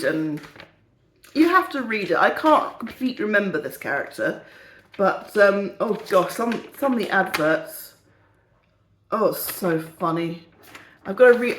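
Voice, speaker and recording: A woman chatting casually and cheekily on her vlog, giggling as she goes. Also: medium pitch. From United Kingdom. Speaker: vlogger, perfume reviewer. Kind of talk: casual chat. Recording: echoey room.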